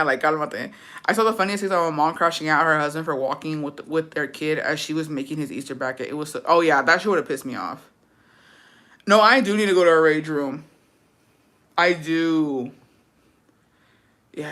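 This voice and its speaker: A woman's voice: sits low, brisk, fairly bright tone. Chatty, profane young woman storyteller. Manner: profane, chatty, mixes in Spanish words. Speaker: livestreamer. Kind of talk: casual storytelling chat.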